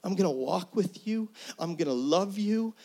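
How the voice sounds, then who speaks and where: High-voiced man preaching an earnest sermon. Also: animated, moderate pace. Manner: earnest, conversational, swings from soft to loud. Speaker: pastor.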